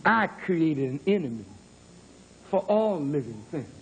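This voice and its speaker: High-voiced man preaching slowly. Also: very animated, a little hiss or hum, low-quality recording. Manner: dramatic preaching, mock-crooning quoted lovers. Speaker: minister. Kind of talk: sermon. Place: church hall.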